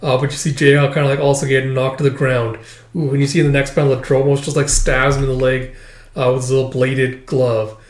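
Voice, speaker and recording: A man casually retelling a comic chapter panel by panel, reading out the dialogue between relaxed, filler-heavy asides. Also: mid-range voice, fast talker. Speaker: manga reader and commentator. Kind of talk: casual manga read-through. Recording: roomy echo.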